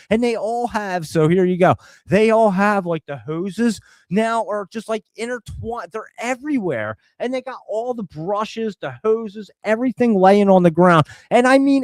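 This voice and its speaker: A middle-aged man, host of a live show, telling a long story to viewers in a casual, animated way and laughing now and then. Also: fairly high pitch, no room sound.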